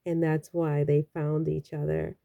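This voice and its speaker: A woman's voice: low voice, completely flat delivery, a little slow, gravelly, highs cut off. A woman from the Caribbean giving casual, chatty and rambling commentary on a vlog, with frequent exclamations. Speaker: royal news vlogger.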